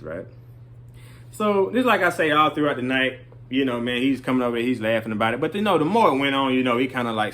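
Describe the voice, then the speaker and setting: A man's voice: medium pitch, fairly bright tone. A middle-aged man casually telling a story, rambling and often stopping to ask "right?" and "you know".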